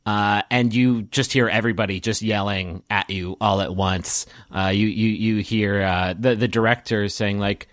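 A man narrating as game master, halting with many ums and uhs. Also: fairly low pitch, steady tone, fairly bright tone, no echo, clean studio sound.

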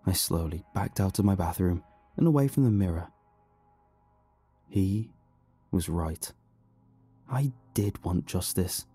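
A man reading a horror story aloud in a slow, hushed, brooding way. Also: low voice, lively intonation, husky, faint music behind. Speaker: narrator. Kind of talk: scripted horror narration.

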